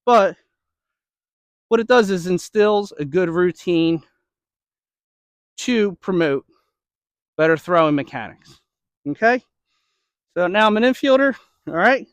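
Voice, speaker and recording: Baseball coach demoing drills: a high-voiced man, slightly winded, checking in with "okay?" and "right?", in a dry, close recording. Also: animated, slow, long pauses, no room sound. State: slightly out of breath. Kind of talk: instructional demo.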